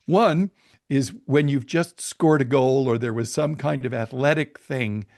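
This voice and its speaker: Gravelly-voiced man telling stories. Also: mid-range voice, slow, no room sound, clean studio sound. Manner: relaxed anecdotal storyteller. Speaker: podcast guest, marketing expert. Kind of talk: casual interview storytelling.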